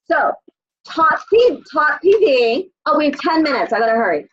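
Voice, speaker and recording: A woman's voice: sits high, big pitch swings, moderate pace, a bit bright, muffled recording, slight background noise. A woman leading a casual motivational call for her sales team, blunt and swearing as she gives tough love.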